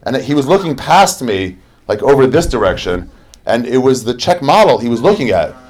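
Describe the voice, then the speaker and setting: A young adult man doing a crude, sarcastic and energetic stand-up story. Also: medium pitch, normal speed. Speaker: stand-up comedian.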